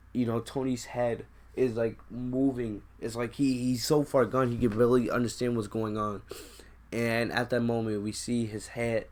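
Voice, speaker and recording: A young man on his own channel, casually retelling a film's ending in an excited, rambling way, with many restarts. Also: mid-range voice. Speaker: YouTube host. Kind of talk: casual film recap.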